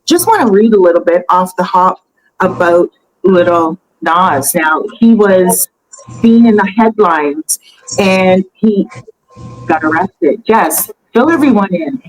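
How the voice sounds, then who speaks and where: A woman hosting a casual celebrity gossip chat, talking in a chatty, animated way with fillers and laughter. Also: fairly low pitch, slow pace, a little hiss or hum, poor audio. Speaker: host.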